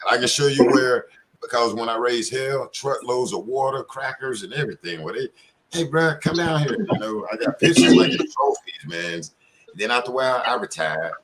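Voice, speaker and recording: A man's voice: medium pitch, a little fast, a loud crowd. A man in casual panel talk, telling loose, profane stories full of slang. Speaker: community panelist.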